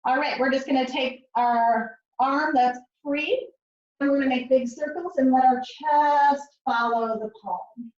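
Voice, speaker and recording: A woman's voice: sits high, fairly even intonation, unhurried, darkish tone. A woman teaching a pilates mat class, counting out reps in rhythmic cues and adding chatty asides. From Netherlands. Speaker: pilates instructor. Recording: roomy, distant, dull sound.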